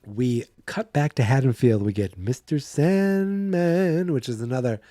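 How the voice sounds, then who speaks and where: A man hosting a horror movie podcast, recapping a film in a chatty, animated way and slipping into quick voices for the characters. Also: mid-range voice, no echo, studio quality, faint music behind.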